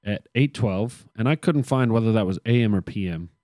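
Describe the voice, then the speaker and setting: Low-voiced man reading history notes. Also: moderate pace, warm tone, dry recording, studio quality. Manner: reads notes with joking asides and sarcasm. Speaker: podcast co-host. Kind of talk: casual history podcast narration.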